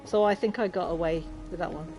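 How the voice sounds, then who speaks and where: A woman's voice: on the low side, quick pace, a little mellow, faint music behind. A woman from Lincolnshire with an English accent, chatting casually and laughing often while streaming a game. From Lincolnshire, England. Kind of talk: casual gaming chat.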